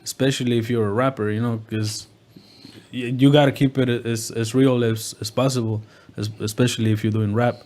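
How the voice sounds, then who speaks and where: A man's voice: medium pitch, level tone, a little fast, darkish tone. A man who is a rapper, talking as a guest in casual chat, hesitant and repeating words with lots of fillers.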